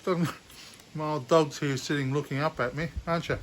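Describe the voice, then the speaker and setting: Chatty farmer, fairly high voice. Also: male voice, normal speed, slight background noise. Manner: relaxed, chatty, with fillers. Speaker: farmer and video host. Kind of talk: casual how-to demonstration.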